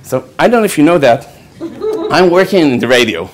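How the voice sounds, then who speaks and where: A man's voice: on the high side, very animated, fast. A man with an Israeli accent, a rabbi giving a storytelling lecture, laughing often and checking in with "okay" as he goes. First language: Hebrew.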